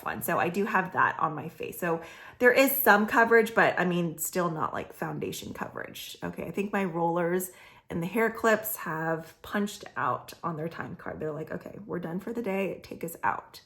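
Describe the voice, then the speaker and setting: A woman beauty vlogger chatting casually through a makeup tutorial, full of "like" fillers, a little hoarse as she says she is losing her voice. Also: fairly low pitch, animated, normal speed, a bit bright.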